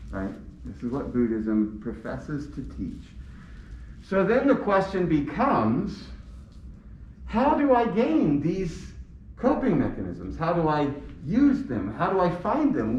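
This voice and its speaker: A man's voice: medium pitch, darkish tone, slight background noise. Man lecturing in an echoey room. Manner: asks questions and answers them himself. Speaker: teacher. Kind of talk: classroom lecture. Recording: echoey room, distant mic, dull sound.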